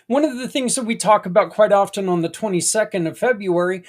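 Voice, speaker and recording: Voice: medium pitch, fast talker. A podcast host talking in a casual, earnest monologue, folksy and rambling with tangents and mild swearing. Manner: earnest and encouraging.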